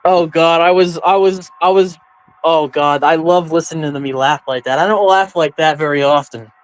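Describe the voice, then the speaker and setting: A man's voice: a little high, moderate pace, low-quality recording. A young man filling in as host of a casual chat show, laughing often as he talks. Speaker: stand-in host.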